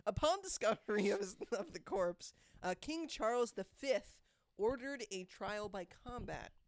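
A woman's voice: medium pitch, expressive, measured pace, dry recording, studio quality. A woman hosting a trivia segment on a podcast, reading questions in a wry, teasing way. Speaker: quiz host.

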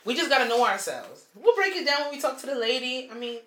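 A bright-voiced woman co-hosting a casual podcast, blunt and heavy on profanity. She leans into her points with slow, emphatic phrasing and sits a little high in pitch. The room around her sounds echoey. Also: expressive. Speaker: podcast co-host.

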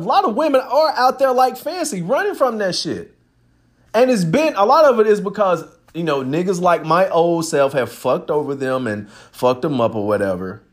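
A man hosting a podcast, talking in a casual, profane and emphatic monologue. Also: high-pitched. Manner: animated, profane, emphatic storytelling. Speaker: podcast host.

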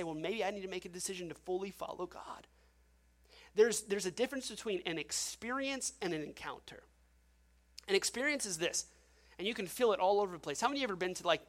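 Animated pastor preaching. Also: male voice, high voice. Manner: animated storytelling with rhetorical questions to the congregation. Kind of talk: sermon. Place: church sanctuary.

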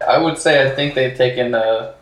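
A man chatting casually with friends, relaxed and candid. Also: mid-range voice, moderate pace. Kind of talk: casual chat. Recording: roomy echo with faint noise.

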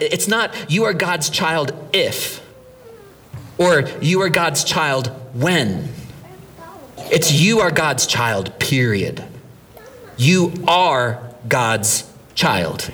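A middle-aged man, a pastor, preaching a sermon in an animated, conversational way, asking the congregation questions. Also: on the high side, recorded from a distance.

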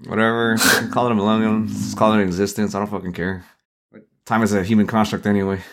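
A young man co-hosts a podcast in a low-pitched voice, talking loosely and swearing freely as he riffs with his friends. His banter is casual and full of laughter. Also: level tone, fast talker, background noise. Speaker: podcast co-host. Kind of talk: casual chat.

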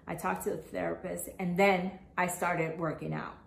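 A woman's voice: fairly low pitch, little pitch movement, normal speed, creaky. A woman in her thirties hosting a podcast, speaking candidly and earnestly about her own experience. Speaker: podcast host. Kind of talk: personal podcast monologue. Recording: echoey room.

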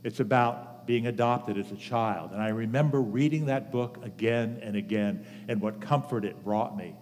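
A man's voice: fairly low pitch, darkish tone. Older man preaching in a reverberant hall. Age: 70s. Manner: earnest personal storytelling with measured pauses. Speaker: pastor. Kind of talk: sermon. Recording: long reverb of a large hall.

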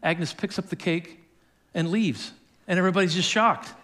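High-voiced man preaching a sermon. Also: moderate pace, a bit bright. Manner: storytelling with acted quotes and chuckles. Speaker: pastor.

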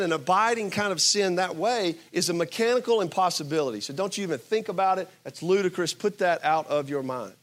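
High-voiced man preaching with emphatic swings. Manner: emphatic, swinging between loud bursts and quiet asides; asks the audience rhetorical questions. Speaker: pastor. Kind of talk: sermon.

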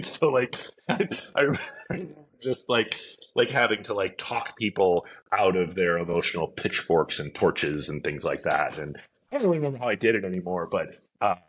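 A middle-aged man, a company executive, chatting casually in an interview, filling his stories with "like" and "you know" and acting out shouted quotes. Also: sits low, expressive, moderate pace, slightly rough. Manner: chatty, many fillers, acts out shouted quotes. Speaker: events company CEO, podcast guest.

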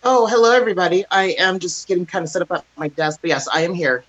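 A woman co-hosting a livestream, talking in a relaxed, matter-of-fact way while she sets up. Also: fairly low pitch, fast talker, muffled recording. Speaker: co-host, card reader. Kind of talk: casual livestream chat.

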